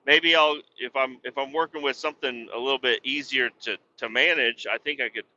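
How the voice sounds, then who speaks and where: A man's voice: mid-range voice, fairly even intonation, a little fast, pushed and bright, lo-fi sound, slight background noise. A middle-aged man hosting a podcast, rambling casually, swearing a lot and laughing at himself. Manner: profane, self-deprecating, laughs often. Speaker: podcast host.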